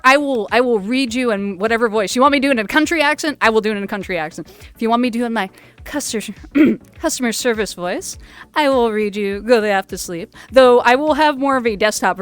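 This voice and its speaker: Her voice is medium in pitch, clear, and resonant, picked up by a VR headset mic. She's running a charity livestream from home in a VR chat, keeping things casual, chatty, and full of laughter.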